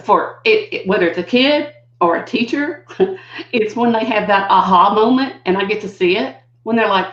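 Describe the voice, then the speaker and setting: Older woman guest on a video call, lively storyteller who slips into voices, echoey room, muffled audio. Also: moderate pace. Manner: animated, acts out quotes with big pitch jumps. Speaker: guest educator. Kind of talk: conversational storytelling. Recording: dull lo-fi audio in a roomy space.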